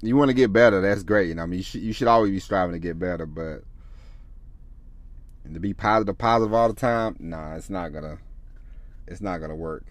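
Rambling low-voiced man hosting a podcast. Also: fairly quick, pauses often, dry recording. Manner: rambling, frequent restarts and swearing. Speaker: podcast host. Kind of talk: casual solo podcast talk.

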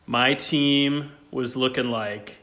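A man with a bright, forceful voice chats eagerly on a podcast. He sounds upbeat, and his sentences halt and restart as he goes. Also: mid-range voice, steady tone, slow. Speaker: podcast co-host. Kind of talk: casual chat.

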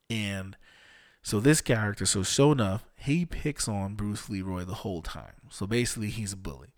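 A man's voice: lowish voice, no echo, clean studio sound. A man hosting a casual movie commentary in a laid-back, rambling way, with chuckles along the way. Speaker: podcast host.

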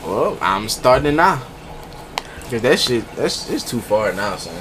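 A young man co-hosting a casual podcast, going off on emphatic, profane rants. His pitch swings up and down, animated and lively throughout. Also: a little slow, a little hiss or hum. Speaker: podcast co-host. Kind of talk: casual chat.

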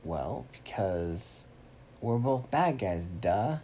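A man's voice: on the low side, big pitch swings, drawn-out words, dark tone, slight background noise, heavily acted. A man voicing a scheming male villain in a smug, drawling tone.

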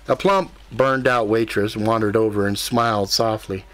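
A man reading narration for an audiobook in a steady, even storytelling manner. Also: fairly low pitch, normal speed, few pauses. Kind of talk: scripted narration.

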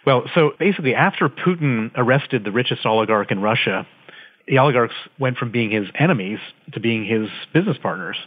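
A man's voice: mid-range voice, animated, a little fast. Man telling a story over a tinny phone line. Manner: vivid, dramatic storyteller. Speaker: interview guest. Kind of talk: conversational storytelling. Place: office.

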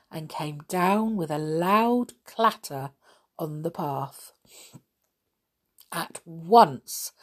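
A woman reading a children's story aloud in a gentle, expressive way. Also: lowish voice. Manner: gentle, expressive, with soft laughs.

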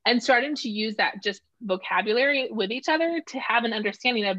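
A woman's voice: a little high, fairly quick, hardly any pauses, dry recording. A middle-aged woman in casual conversation, talking animatedly and acting out quoted voices. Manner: animated, acts out voices when quoting. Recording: dull lo-fi sound.

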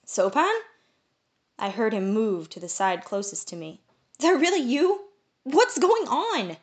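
A woman's voice: moderate pace, darkish tone, natural voice. A woman voicing a kind-hearted young male pixie in an audiobook, anxious and tearful. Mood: startled. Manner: high-pitched and tearful, anxious. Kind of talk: audiobook character voice.

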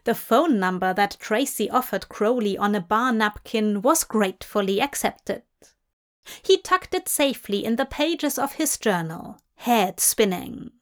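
A woman reading a story aloud in an unhurried, even narration. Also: medium pitch. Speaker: fanfiction reader. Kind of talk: audiobook narration.

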